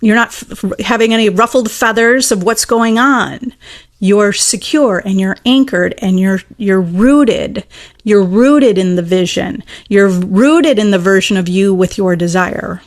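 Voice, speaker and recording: With a medium-pitched voice and a measured pace, a woman coaches on manifestation in a casual solo talk. Earnest and emphatic, she takes viewer questions and keeps restating her central points.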